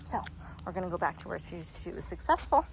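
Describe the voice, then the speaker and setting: A woman's voice: very animated, fast, vocal fry, slight background noise, low-quality recording. Woman dog trainer teaching in a park. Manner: explains to viewers, breaks into high-pitched praise for the dog. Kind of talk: instructional dog training video. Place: outdoors in a park.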